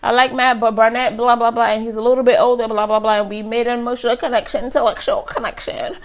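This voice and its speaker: A flighty, gushing grown woman torn between suitors, mimicked by a woman recapping a show. She tumbles through her words breathlessly, with her voice nudged a little higher and her phrasing quick and scattered. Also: level tone, lightly acted. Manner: gushing, breathless, all over the place.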